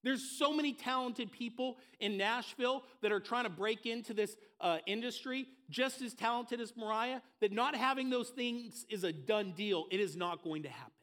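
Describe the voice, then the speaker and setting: High-voiced man preaching emphatically. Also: moderate pace, few pauses. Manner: emphatic preaching with repeated phrases; storytelling, dropping soft for low moments. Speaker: pastor. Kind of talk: sermon.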